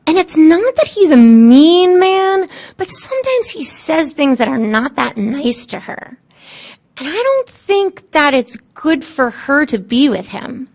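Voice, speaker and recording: A woman on a panel telling stories from her work as an animal communicator, acting out what the animals and people said. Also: sits high. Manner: lively, quotes animals and people in changing tones; halting, frequent fillers and restarts. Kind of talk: storytelling on a panel.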